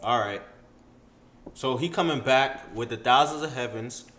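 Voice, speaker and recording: A man's voice: medium pitch, a bit bright, soft background music. Blunt man in an echoey room. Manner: blunt, coarse, quick cross-references. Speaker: scripture study partner. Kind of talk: casual scripture study.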